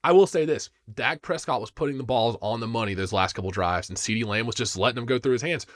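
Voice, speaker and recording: A man's voice: medium pitch, quick pace, no room sound, clean studio sound. A man co-hosting a casual sports podcast, giving confident takes. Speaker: podcast co-host.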